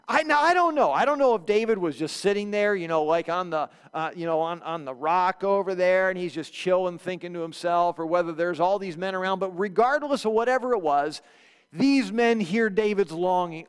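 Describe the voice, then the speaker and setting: Male pastor, storytelling preacher, high voice, reverberant sanctuary. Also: fairly quick, smooth. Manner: animated storytelling, acts out quotes. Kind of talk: sermon. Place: church sanctuary.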